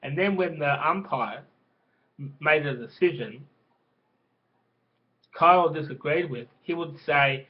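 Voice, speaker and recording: A man with a fairly high voice spins a crude, rambling story at a slow, unhurried pace. He stumbles over and restarts his words, and the recording sounds dull and lo-fi. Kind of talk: casual spoken storytelling.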